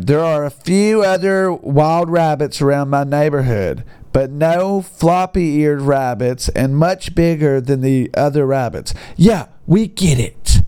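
A man doing sarcastic comedic commentary, pitch swinging widely as he mocks what he reads. He talks slowly, in an exasperated and incredulous tone. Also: darkish tone, clear, resonant tone. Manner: exasperated, mocking, mild bleeped-style cursing. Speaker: comedic commentator reading online posts.

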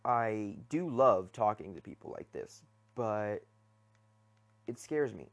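A man's voice: lowish voice, lively intonation, slow pace. A young man hosting his first solo talk episode, rambling hesitantly from his bedroom with many fillers and restarts. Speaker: podcast host.

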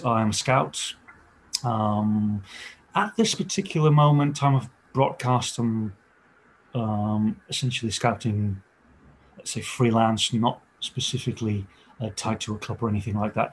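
A man's voice: fairly low pitch, unhurried, slight background noise. A Dutch man in his forties, a guest football scout, speaking English hesitantly with many fillers. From Netherlands. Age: 40s. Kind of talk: casual podcast interview.

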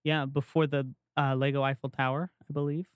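A man co-hosting a podcast, chatting casually and telling an animated story with playful asides. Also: medium pitch, fairly quick, smooth, no echo, clean studio sound. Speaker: podcast co-host. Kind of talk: casual chat.

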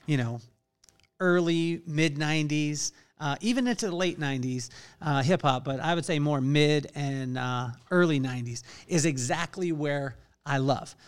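A middle-aged man with a voice a touch higher than most men's hosts his podcast with an unscripted motivational monologue. He speaks earnestly and pauses often on fillers as he works out his thoughts. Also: clean tone. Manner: earnest, halting with frequent fillers. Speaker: podcast host.

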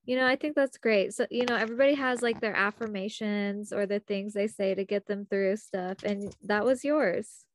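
A woman co-hosting a casual chat, relaxed and chatty. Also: mid-range voice, moderate pace, hardly any pauses.

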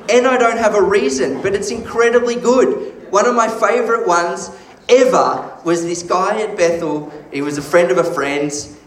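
A man preaching a sermon, telling stories with animated energy and frequent laughter. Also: high-pitched, echoey room, poor audio. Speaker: pastor.

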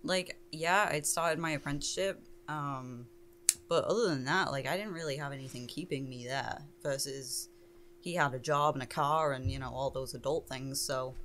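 A woman in her twenties with an English accent, a tattoo artist chatting as a guest on a podcast, relaxed and quick to laugh. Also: a bass voice, slight background noise. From England. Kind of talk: casual chat. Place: indoor podcast room.

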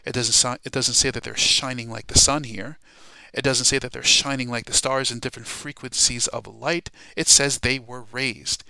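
A man teaching a Bible study class in a sermon style, emphatic and dramatic, slowing down to stress key words. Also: medium pitch, fairly even intonation, gravelly, bright, forceful tone, smooth, no room sound.

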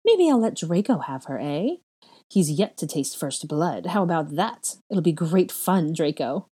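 A woman's voice: big pitch swings, moderate pace, mellow, slightly rough, heavily acted. A woman voicing a gleeful, bloodthirsty witch who giggles and spits her words, in a storybook reading. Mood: mocking. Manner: shrill, giggling, spiteful.

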